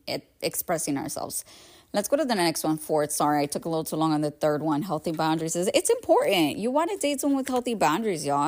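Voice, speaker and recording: Young female podcast host, lowish voice, casual and chatty, acts out the dialogue as she tells the story. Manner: chatty, animated, filler-heavy, acts out quoted dialogue.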